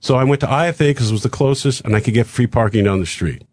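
A man's voice: medium pitch, no echo. An older man with a mid-range voice tells a winding showbiz story in a dry, close studio sound. He jumps in and out of the voices of the people he met, keeping the pace of a seasoned storyteller. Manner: animated anecdote with acted-out dialogue and quick asides. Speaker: guest comedian telling a story. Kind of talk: casual storytelling on a talk show.

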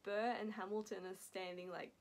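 A young Australian woman rambling excitedly in a casual reaction vlog, laughing often between thoughts. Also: mid-range voice, normal speed, slight background noise. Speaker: vlogger.

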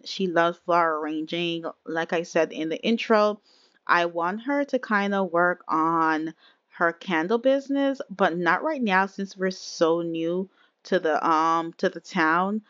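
A woman narrates her life-simulation gameplay in a chatty, easygoing manner, often calling out to her viewers. Her voice sits slightly low. The sound is a little dull and very dry, close to a home desk mic. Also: unhurried, a bit bright, dry recording. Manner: chatty, addresses viewers as y'all. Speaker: game streamer. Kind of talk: casual let's-play commentary.

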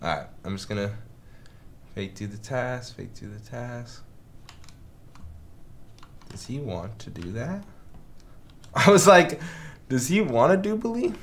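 A man's voice: mid-range voice, very animated, takes it slowly, pauses often. A young man talks unhurriedly and with lots of movement in his voice while he plays an online game with friends. He laughs often and mutters asides to himself between moves. A faint hiss of noise sits behind him. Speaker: gaming YouTuber. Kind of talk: casual group gaming chat.

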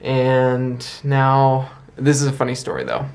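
A young man telling a story to his vlog camera in a chatty, rambling way. His voice swings up and down with a lively intonation and sits at a mid pitch. He often stops to correct himself and then carries on. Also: a little slow, creaky. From United States. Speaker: vlogger.

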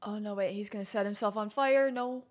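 A woman's voice: medium pitch, a little fast. A woman hosting a movie reaction, talking casually and laughing often. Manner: giggly, with frequent laughter. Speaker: host.

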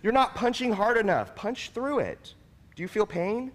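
A man's voice: sits high, big pitch swings, normal speed, in a large hall, voice pushed up. A man voicing a stern but caring male martial arts instructor who coaches a boy firmly. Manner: firm, coaching, then tender.

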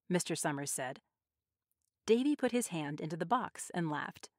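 A woman narrating a short story in a measured, expressive audiobook style. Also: low-pitched, no room sound, clean studio sound.

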